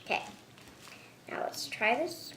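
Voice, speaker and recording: A woman hosting a slime-making vlog at home, talking excitedly and often squealing and shrieking. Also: slow, reverberant, a little hiss or hum. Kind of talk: excited hands-on vlog narration. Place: home bathroom and table.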